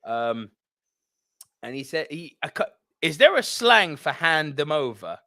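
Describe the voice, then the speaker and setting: Lively posh English man telling a story. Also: fairly high pitch, measured pace, no echo, studio quality. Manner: swearing, laughing anecdote-teller. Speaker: podcast co-host. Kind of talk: casual chat, storytelling.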